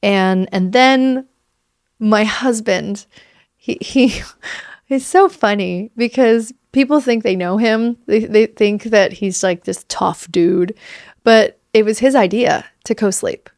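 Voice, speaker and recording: A woman's voice: medium pitch, slow pace, a little mellow, no room sound, studio quality. A woman in her thirties hosting a podcast, talking casually and emphatically, acting out quoted voices as she tells stories. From United States. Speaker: podcast host. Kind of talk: casual solo podcast talk.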